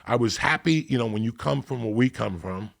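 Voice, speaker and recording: A middle-aged man from Cuba, a podcast guest telling stories in a profane, animated way and acting out what people said. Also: medium pitch, fairly quick. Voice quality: gravelly, husky. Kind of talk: storytelling in casual chat.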